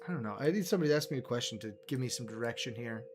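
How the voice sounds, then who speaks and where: A man hosts a solo livestream on a fantasy world's lore, rambling and self-deprecating as he talks to himself over background music. His medium-pitched voice is animated and very fast.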